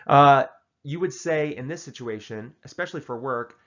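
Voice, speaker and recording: A man delivers joking life advice as if it were dead serious, keeping a deadpan, matter-of-fact tone. His voice sits at an ordinary middle pitch. The recording sounds a little dull and lo-fi. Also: normal speed. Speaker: host giving tongue-in-cheek advice. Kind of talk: casual comedic advice monologue.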